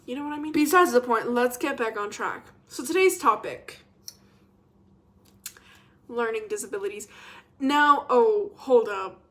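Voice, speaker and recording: A young woman vlogger in a casual, rambling chat to camera, expressive and self-mocking. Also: on the high side, measured pace, pauses often.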